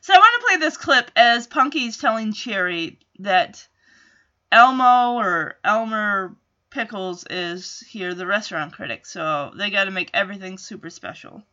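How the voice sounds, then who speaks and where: A woman's voice: mid-range voice, expressive, a little slow, bright, forceful tone, muffled recording. A woman in a casual, chatty recap of a TV episode. She acts out the characters' lines as she goes, with lots of "like" and side comments. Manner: chatty, quotes characters, frequent "like" and asides.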